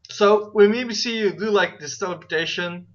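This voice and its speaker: A man running a tabletop role-playing session, talking in a loose, rambling way with plenty of "like" and restarts. His voice is bright and forward, and the recording sounds a little dull and lo-fi. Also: high-pitched, moderate pace. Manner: rambling, many fillers and restarts. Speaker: game master. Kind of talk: casual tabletop game narration.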